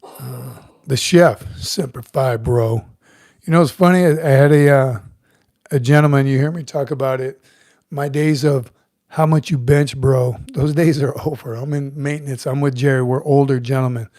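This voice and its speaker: A middle-aged livestream host, a retired Marine sergeant major, chats easily in a mellow, medium-pitched voice at a moderate pace. The sound is dry and close with no echo. Relaxed and talkative, he reads comments, chuckles often, and greets viewers by name.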